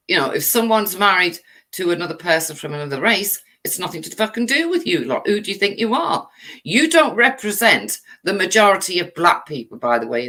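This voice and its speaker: A woman's voice: deep voice, pushed and bright. An English woman hosting her channel, delivering an angry, swear-filled rant full of rhetorical questions. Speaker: channel host. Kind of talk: livestream rant.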